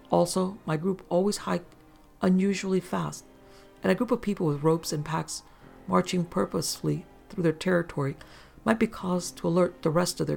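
Gravelly, even-paced story narrator. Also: medium pitch. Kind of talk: scripted narration of first-person paranormal accounts.

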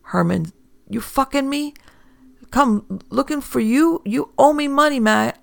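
A man's voice: very high voice, animated, a little slow, vocal fry, no echo, pitched above the performer's own voice, exaggerated voice. A man voicing a menacing, profane male drug dealer in an audiobook story. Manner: profane, threatening.

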